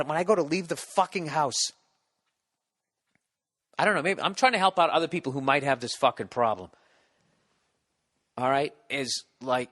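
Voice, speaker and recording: A man in his forties, a comedy podcast host, rambling through a profane, animated story into a studio mic. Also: a little high, normal speed, long pauses. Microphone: studio mic with windscreen.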